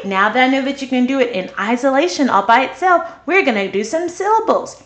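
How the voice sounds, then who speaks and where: A woman teaching a speech therapy lesson to young children, encouraging and animated, stretching out practice words slowly. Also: high-pitched, reverberant. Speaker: early childhood educator.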